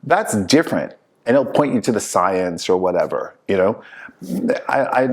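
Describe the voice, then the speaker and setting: A man hosting a casual talk show, telling lively stories and acting out the people he quotes. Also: low voice, unhurried. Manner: animated storyteller, acts out quoted people. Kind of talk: casual chat.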